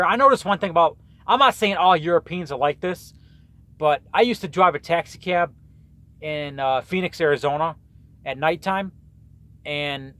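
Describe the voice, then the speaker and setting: A man's voice: a little high, fairly bright tone, dry recording. A man who drives a truck, ranting to camera in a rambling, repetitive way with many restarts. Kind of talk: casual rant to camera.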